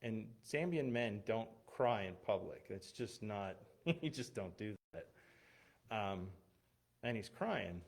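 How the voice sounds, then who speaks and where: A man's voice: lowish voice, animated, slow, vocal fry. A man, a missionary pastor, speaking as a guest in a church, telling personal stories in a conversational way with fillers and restarts. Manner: conversational, many fillers and restarts, laughs at himself. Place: church, streamed online. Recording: unstable internet stream with glitches.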